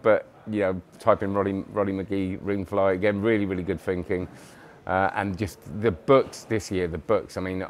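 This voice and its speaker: A man's voice: fairly low pitch, a little hiss or hum. A tired man chatting casually in a vlog about magic products, rambling and enthusiastic with lots of fillers and restarts. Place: magic convention hotel.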